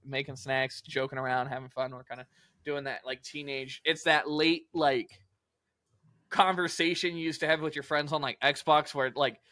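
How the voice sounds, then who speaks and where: A man's voice: medium pitch, steady tone, moderate pace, bright, forceful tone, no echo, clean studio sound. A young man casually telling a long story on a podcast, rambling and swearing with lots of filler words. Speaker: podcast co-host.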